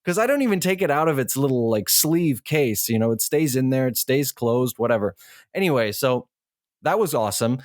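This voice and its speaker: A man's voice: mid-range voice, animated, moderate pace, no echo, clean studio sound. A man co-hosting a podcast, telling a long anecdote in casual chat with frequent restarts. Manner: storytelling, rambling with restarts. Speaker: podcast co-host.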